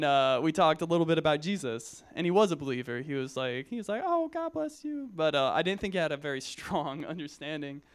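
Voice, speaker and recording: A man's voice: fairly high pitch, fairly bright tone, clear, resonant tone. A young man in his twenties giving a casual, joking sermon to young believers, full of personal stories, fillers and restarts. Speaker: Christian speaker at a youth gathering.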